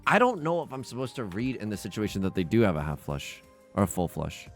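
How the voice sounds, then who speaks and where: A young man commentating his own game as he plays, anxious and pleading, often begging out loud and exclaiming. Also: on the low side, big pitch swings, fast, soft background music. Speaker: let's play host. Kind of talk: live gameplay commentary.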